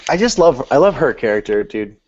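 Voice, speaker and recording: A young man co-hosts a podcast, speaking a little fast in a mid-range voice with big pitch swings, a darkish tone and a breathy edge. He chats loosely about films, full of slang and plenty of "dude." The lo-fi podcast audio sounds dull.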